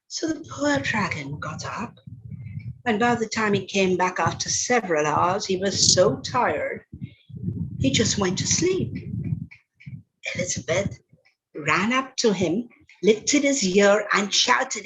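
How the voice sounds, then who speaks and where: A woman lecturer telling a children's story aloud in an animated, dramatic way, then speaking about storytelling. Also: measured pace, rough recording. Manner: dramatic, expressive read-aloud with big pitch leaps.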